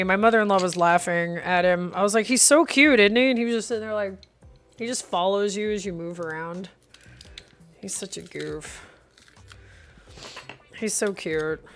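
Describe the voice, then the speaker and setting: A woman's voice: medium pitch, a little hiss or hum. Playful chatty woman streaming. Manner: chatty, playful, answers chat aloud. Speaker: live streamer. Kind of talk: casual cooking livestream chat.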